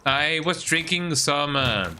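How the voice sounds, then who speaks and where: A man's voice: a little high, lively intonation, takes it slowly, bright, forceful tone, slight background noise. A Spanish-speaking man, chatting casually and playfully while streaming a game, tagging "eh?" onto his lines. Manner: rambling and playful, frequent tag "eh?", breaks into silly sing-song bits. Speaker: gaming streamer. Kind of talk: casual live-stream chat while playing.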